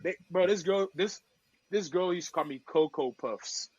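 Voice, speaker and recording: Lively Togolese man telling stories. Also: high-pitched, moderate pace, slightly rough, no echo, highs cut off. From Togo. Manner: lively, acts out quoted voices, slangy. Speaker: podcast guest, DJ. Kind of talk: casual storytelling chat.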